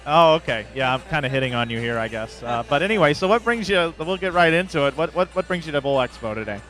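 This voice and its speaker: A man's voice: fairly high pitch, lively intonation, fast, fairly bright tone. A man interviewing guests on a live broadcast in a jokey, upbeat way.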